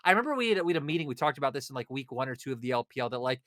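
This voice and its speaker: A man co-hosting an esports panel, talking in excitable bursts with plenty of fillers. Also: medium pitch, dry recording, studio quality. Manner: animated, excitable, quick bursts. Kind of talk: casual analytic chat.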